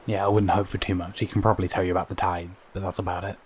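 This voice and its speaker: A man's voice: sits low, little pitch movement, rapid-fire, natural voice. A man voicing a wry, guarded companion in a dry, understated way. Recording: noisy background.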